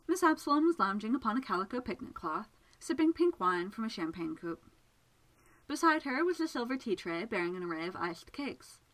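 A woman narrating a romantic story aloud in a measured, smooth reading voice. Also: a little high, very animated, a bit bright, low-quality recording.

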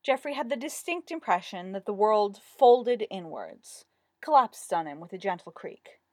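A woman narrating a fantasy story with a lively, expressive delivery. Her voice rises and falls widely, recorded close and dry with no room sound. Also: mid-range voice, moderate pace, dry recording. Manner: expressive, lively read-aloud. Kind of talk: storybook reading.

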